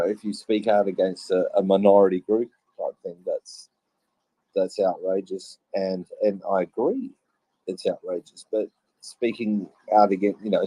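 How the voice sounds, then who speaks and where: A man's voice: sits low, fairly even intonation, moderate pace, warm tone, breathy edge, no echo, low-quality recording. An Australian man speaking in a live audio chat room, getting heated and exasperated and laughing it off with apologies. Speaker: Twitter Space speaker. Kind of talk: casual live audio discussion.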